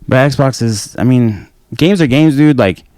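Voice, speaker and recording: A man's voice: mid-range voice, measured pace, darkish tone, dry recording, studio quality. A man in his thirties in a casual podcast chat, rambling and swearing freely. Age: 30s. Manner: profane, rambling, laid-back. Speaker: podcast host.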